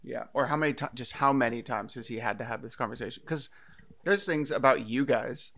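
A man's voice: mid-range voice, brisk, a bit bright. A man co-hosting a podcast, chatting loosely about films, joking and swearing as he goes. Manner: loose and jokey, swears, laughs easily. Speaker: podcast co-host. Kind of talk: casual movie discussion.

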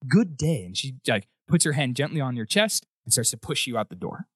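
A young man narrating a tabletop game as game master, relaxed and often laughing. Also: mid-range voice, a little fast, slightly rough, no echo.

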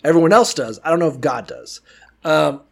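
A man co-hosting a podcast in casual chat, swearing freely and rambling with animated emphasis. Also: on the high side, fairly quick, gravelly. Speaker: podcast co-host.

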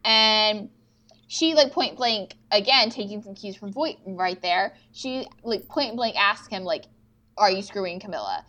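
In a casual podcast chat, a young woman co-host recaps TV episodes, acting out scenes with quoted lines and plenty of swearing. She speaks at a measured pace with a sharp tone at medium pitch.

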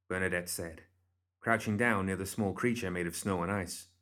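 A man reading a story aloud as audiobook narrator, in a steady, measured way. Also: deep voice.

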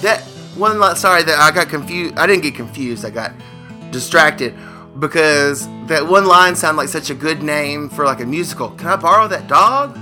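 A man co-hosting a comedy podcast, trading jokes in playful, drawn-out casual banter. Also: fairly high pitch, over music. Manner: playful, jokey, slow and drawn out. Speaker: podcast co-host. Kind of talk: casual joke-telling banter.

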